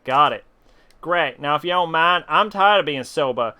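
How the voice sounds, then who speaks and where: Tipsy streamer in a put-on country drawl. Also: male voice, on the high side, expressive, normal speed, pushed and bright, clean tone. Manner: puts on a southern country drawl, swears freely. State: tipsy from drinking. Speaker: game streamer. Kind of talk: casual live gameplay commentary, reading game dialogue aloud.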